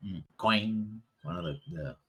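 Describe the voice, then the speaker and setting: A man running a tabletop game as game master, narrating haltingly with many fillers. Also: lowish voice, gravelly, sharp tone, slightly rough. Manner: halting, many ums and uhs while narrating.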